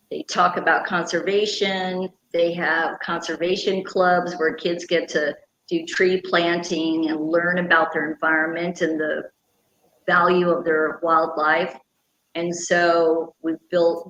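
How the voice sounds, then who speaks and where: A woman's voice: low voice, fairly bright tone. Earnest middle-aged woman, echoey room. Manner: earnest, passionate, explains at length. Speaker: guest, radio personality and conservation founder. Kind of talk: conversational interview. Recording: echoey room, faint background hum.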